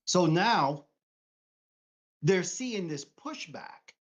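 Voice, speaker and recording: Speaking very slowly in a high, expressive voice, a Brooklyn, New York native co-hosts a casual live stream about politics. He's blunt and profane and performs other people's words in their voices, and the lo-fi stream audio sounds dull.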